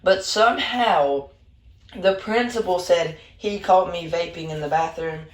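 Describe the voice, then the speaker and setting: A man narrating a storytime story in a slangy, rambling, animated way. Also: sits high, a little slow. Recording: roomy echo.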